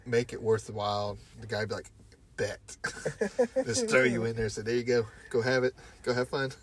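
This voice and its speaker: A man's voice: medium pitch, moderate pace, fairly bright tone. A man co-hosting a casual podcast, joking crudely and swearing freely, often breaking into laughter. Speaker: podcast co-host.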